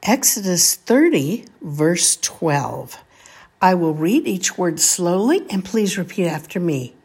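A woman teaching scripture reading, saying each word slowly and patiently for listeners to repeat. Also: on the low side, big pitch swings, darkish tone, husky. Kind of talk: slow call-and-repeat reading lesson.

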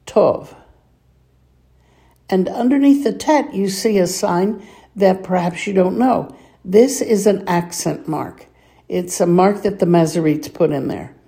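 Her voice is mellow and medium-pitched as she patiently teaches reading, sounding words out slowly. She keeps clearing her throat while asking the listener to repeat after her in a slow drill-style lesson.

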